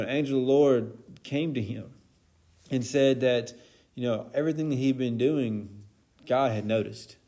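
Guy with a warm low-key voice doing a laid-back bible study, lots of um and you know. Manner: casual, conversational, with many fillers and asides. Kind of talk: informal Bible teaching.

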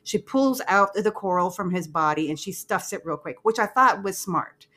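A woman's voice: mid-range voice, animated, moderate pace, fairly bright tone. A woman co-hosting a podcast, recapping a movie in casual, profane chat with frequent giggling. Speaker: podcast co-host.

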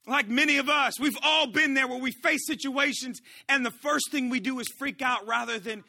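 A male pastor preaching a sermon in an animated way, swinging between shouts and hushed asides. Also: extremely high pitch, normal speed, gravelly.

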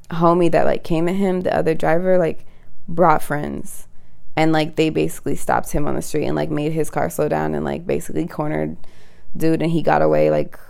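A woman's voice: low voice, gravelly, a little mellow, clear, resonant tone. A young woman telling a story in a casual rant, heated and full of "like" fillers. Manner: filler-heavy, heated, talks with lots of "like".

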